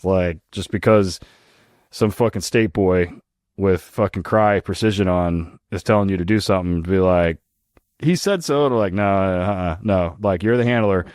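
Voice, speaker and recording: A deep-voiced man co-hosts a casual podcast, telling stories in a blunt, profane, animated way. His low voice sits close and dry on the mic, with no room sound. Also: normal speed, dry recording. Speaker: podcast co-host, police dog program lead. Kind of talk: casual chat.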